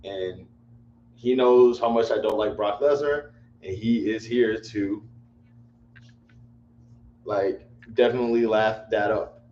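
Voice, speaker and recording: A man's voice: on the low side, fairly even intonation, takes it slowly, pauses often, a little mellow. A man hosting a casual livestream chat, rambling and repeating himself in exasperation. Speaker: livestream host. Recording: echoey room, dull lo-fi mic, faint hum.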